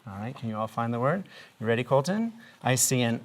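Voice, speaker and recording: A woman teaching a kindergarten reading lesson, patiently asking questions and drawing out phonics patterns slowly. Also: a bass voice, expressive, a little mellow. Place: classroom with small children.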